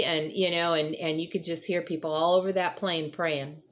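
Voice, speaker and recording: Woman host, casual faith chat, slightly low voice, earnest, lots of fillers. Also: flat delivery, normal speed, hardly any pauses. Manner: conversational, rambling with frequent fillers; earnest, encouraging. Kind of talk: casual devotional talk.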